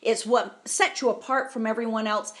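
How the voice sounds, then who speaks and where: Woman on a podcast, kinda high voice, emphatic, agrees a lot and preaches a bit. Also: fairly even intonation, normal speed. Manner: emphatic, affirming, preachy about self-worth. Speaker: podcast co-host. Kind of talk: casual chat.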